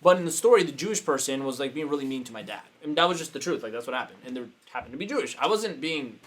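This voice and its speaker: A man, a business coach, telling a story casually and acting out the quotes with sudden jumps in pitch. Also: animated, rapid-fire.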